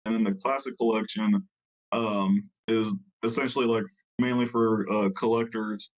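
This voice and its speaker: A man's voice: lowish voice, flat delivery, normal speed, low-quality recording. A man co-hosting a casual podcast, loosely rambling through his weekly trading card news with plenty of fillers. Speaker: podcast co-host giving card game news.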